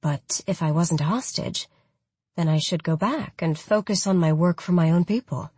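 A woman narrating a first-person audiobook in a reflective, even manner. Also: lowish voice, normal speed, husky, no room sound.

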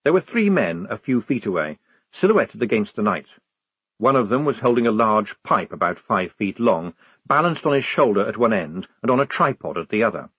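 Man narrating a novel, lively pitch, very husky, dry close sound. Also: normal speed, no room sound. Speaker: audiobook narrator. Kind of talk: scripted narration.

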